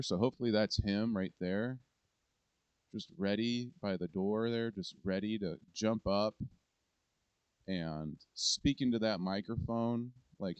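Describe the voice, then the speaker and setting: A man's voice: lowish voice, fairly even intonation, unhurried, clear, resonant tone, no echo, highs cut off. A man hosting political commentary, rambling and indignant, swearing now and then. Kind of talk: casual ranting commentary.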